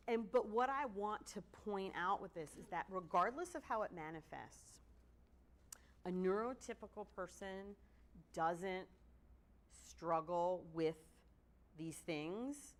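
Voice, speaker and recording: Animated woman giving a conversational lecture. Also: on the low side. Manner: animated and conversational, acting out quoted excuses. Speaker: presenter at a court training session. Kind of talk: casual spoken lecture.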